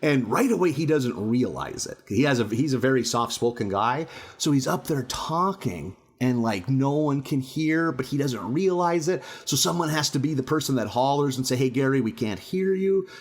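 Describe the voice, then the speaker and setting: Animated, profane man telling a story. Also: mid-range voice, moderate pace, husky. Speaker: podcast co-host, stand-up comic. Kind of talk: casual storytelling chat.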